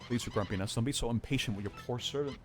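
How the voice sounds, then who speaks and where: A man's voice: medium pitch, very fast, faint music behind, close to an everyday voice. A man voicing a fawning old female witch servant who speaks in simpering, overly polite tones.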